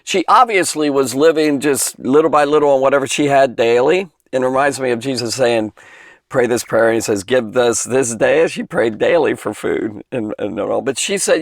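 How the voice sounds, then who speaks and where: A man's voice: mid-range voice, moderate pace, vocal fry, no room sound, clean studio sound. A man giving an informal, chatty Bible lesson for children, digressing often and emphasizing points with enthusiasm. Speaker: Bible teacher.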